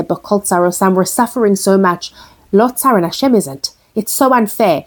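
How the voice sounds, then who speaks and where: A woman with a mid-range, slightly mellow voice earnestly teaches a Torah lesson, explaining the verses line by line. She translates each Hebrew phrase into English as she goes.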